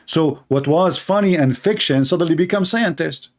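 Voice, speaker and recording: A man's voice: a little high, expressive, normal speed, few pauses. A man giving a sarcastic, mocking religious polemic in non-native English. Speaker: religious debater. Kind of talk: polemical monologue.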